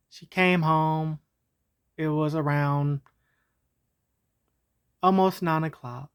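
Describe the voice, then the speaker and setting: A woman's voice: sits low, clear, resonant tone. A woman telling a homemade story in a casual, meandering way. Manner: casual, meandering, with fillers and restarts.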